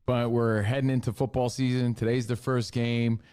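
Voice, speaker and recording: A man's voice: medium pitch, little pitch movement, normal speed, darkish tone, smooth. A man hosting a radio show in casual chat, cracking jokes.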